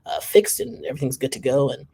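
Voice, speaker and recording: Giggly, husky-voiced man reacting. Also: medium pitch, animated, fast talker, warm tone. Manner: chatty and giggly, reading social posts aloud. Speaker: reaction channel host. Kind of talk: casual reaction commentary.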